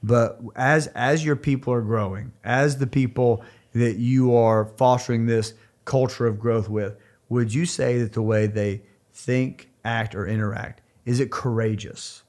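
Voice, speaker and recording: A man's voice: medium pitch, steady tone, unhurried, darkish tone. A man in his thirties co-hosting a church podcast, talking earnestly with frequent restarts and fillers. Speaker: podcast co-host. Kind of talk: casual podcast talk.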